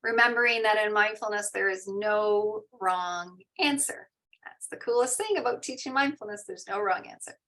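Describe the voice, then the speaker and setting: A woman teaching mindfulness in an online session, guiding a meditation and then reading out and answering participants' shares in a soft, slow, soothing way. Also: mid-range voice. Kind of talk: guided meditation and parent info session. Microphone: online video call.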